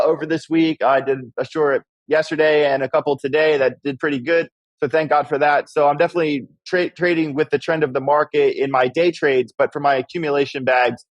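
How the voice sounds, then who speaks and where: A man's voice: medium pitch, no echo, rough recording. A man talking as a panel guest in casual chat, hesitant and full of ums. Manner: hesitant, lots of ums and likes.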